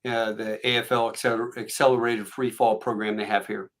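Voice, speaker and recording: A middle-aged man hosting a podcast, telling stories in a casual, animated way and acting out the voices of the people in them. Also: fairly low pitch, fairly quick. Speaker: podcast host. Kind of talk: casual storytelling chat.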